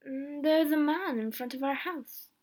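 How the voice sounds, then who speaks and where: A woman voicing an anxious, excitable old housewife, her lines pitched up and exclaimed. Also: unhurried. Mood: excited. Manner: exclaiming, rising high.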